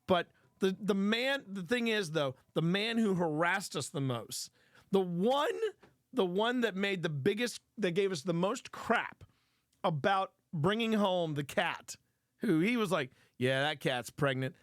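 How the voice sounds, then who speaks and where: A man's voice: high voice, expressive, measured pace, fairly bright tone, dry recording, studio quality. A man hosting a live stream, chatting casually and rambling, with frequent restarts and casual swearing. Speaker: streamer host.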